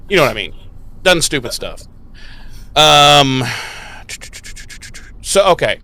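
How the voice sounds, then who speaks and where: A man's voice: fairly high pitch, big pitch swings, takes it slowly, pushed and bright. A man co-hosting a podcast, recapping a TV episode in casual chat with rambling, profane asides. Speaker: podcast co-host.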